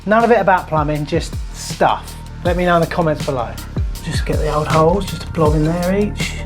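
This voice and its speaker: A man's voice: on the high side, fairly quick, over music. A man, a plumber and channel host, chatting casually and jokily to viewers while he works in a house. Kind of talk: casual DIY vlog chat. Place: house interior and loft.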